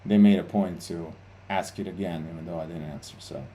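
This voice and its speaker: A man's voice: sits low, steady tone, fairly quick, dark tone, slight background noise. A man hosting a trading livestream, talking bluntly and swearing a lot, with many fillers and restarts. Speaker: CEO and livestream host. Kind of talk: casual livestream talk.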